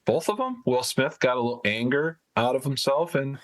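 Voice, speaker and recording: A man's voice: medium pitch, animated, moderate pace. A man co-hosting a podcast in casual chat, rambling and hedging as he talks. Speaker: podcast co-host.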